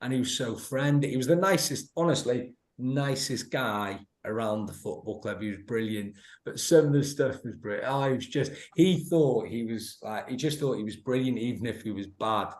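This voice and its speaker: In an anecdotal podcast chat with roomy echo, a guest in his thirties who used to play football speaks at normal speed with few pauses, his mid-range voice a little mellow. He's a laughing storyteller who acts out quotes and frequently starts over.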